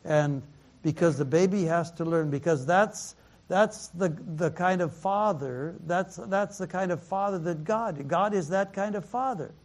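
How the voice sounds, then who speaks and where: Slow-talking pastor, halting and repetitive. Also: male voice, sits high. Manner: halting, repeats words, laughs often, mixes in Mandarin phrases. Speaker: pastor teaching a Bible class. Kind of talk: sermon-style Bible teaching.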